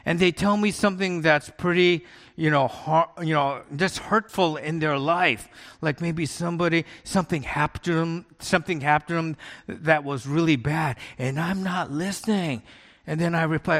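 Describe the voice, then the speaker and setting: Pastor preaching in a reverberant hall. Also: male voice, a little high, normal speed, fairly bright tone. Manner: conversational storytelling preaching with laughs. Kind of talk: sermon.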